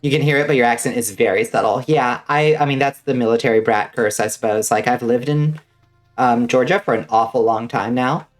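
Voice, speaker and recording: A woman's voice: a bass voice, a little fast, soft background music. A woman streaming a game and chatting casually with viewers, rambling with many fillers and the odd swear word. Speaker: vtuber streamer. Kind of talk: casual gaming stream chat.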